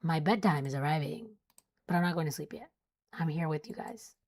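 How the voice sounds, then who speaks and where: A woman's voice: sits low, fairly quick, darkish tone. Chatty woman hosting a weather livestream. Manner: chatty, reads warnings then jokes with chat. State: sleepy, yawning. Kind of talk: casual live weather coverage.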